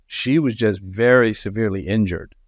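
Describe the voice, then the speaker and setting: A man's voice: lowish voice, normal speed, dry recording, studio quality. A man speaking as a guest expert in a podcast interview, explaining through personal stories and laughing easily.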